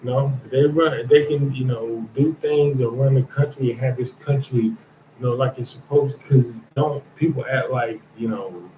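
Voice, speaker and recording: A man's voice: medium pitch, moderate pace, warm tone, slight background noise. A man hosting a podcast, talking in a blunt, rambling, profane monologue. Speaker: podcast host. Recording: echoey room.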